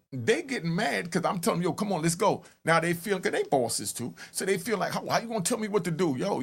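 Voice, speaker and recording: Gravelly animated New man. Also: a little high. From New York. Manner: storytelling, yells and acts out calls. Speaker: commentary host. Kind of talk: animated street-talk commentary.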